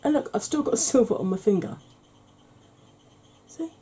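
A woman hosting a soft-spoken ASMR makeup tutorial, chatty and rambling with wry humour, tired from lack of sleep. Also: on the high side, expressive, moderate pace, slight background noise, poor audio. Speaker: beauty channel host.

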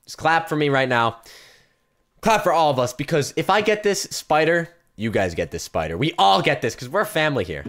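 A young man giving live commentary on his game stream, chatting straight to his viewers and breaking into loud yelps and shouts. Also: a little high, sing-song, fairly quick. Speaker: gaming streamer.

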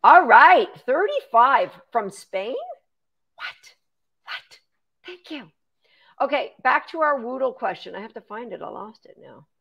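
A woman's voice: on the high side, very animated, moderate pace, gravelly, hardly any pauses, breathy edge, muffled recording. A woman, a dog trainer, chatting through a live Q&A, explaining training steps and thanking viewers by name. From Canada. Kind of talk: live-stream Q&A.

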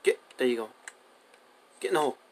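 A man's voice: mid-range voice, expressive, quick pace. Chatty young man narrating gameplay. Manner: chatty, coaxing animals with repeated commands. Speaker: gaming video host. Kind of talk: casual gameplay commentary.

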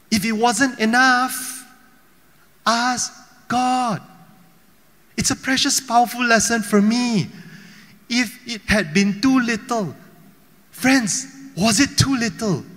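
High, bright-voiced male preacher in a reverberant hall. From Malaysia. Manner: storytelling preacher with frequent rhetorical questions. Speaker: pastor. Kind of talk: sermon. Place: church hall.

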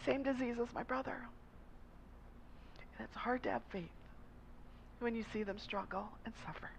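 A woman's voice: fairly high pitch, moderate pace, gravelly, a little hiss or hum. A woman pastor preaching a sermon in a conversational, storytelling manner. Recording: slightly dull lo-fi recording.

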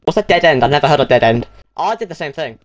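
Jumpy young gamer yelping with a lively voice. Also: male voice, on the high side, rapid-fire. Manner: jumpy, yelps and screams, laughs a lot. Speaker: gaming channel host. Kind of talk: excited gaming commentary with friends.

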